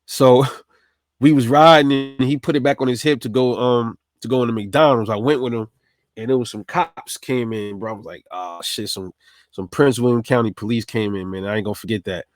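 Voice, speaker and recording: A man's voice: medium pitch, moderate pace, no echo, clean studio sound. Profane storytelling man. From New York City. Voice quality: streetwise, profane, animated retelling. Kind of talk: casual storytelling.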